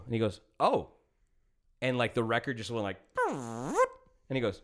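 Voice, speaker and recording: A man's voice: mid-range voice, moderate pace. Profane storytelling man, casual podcast host. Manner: profane, animated, acts out quotes.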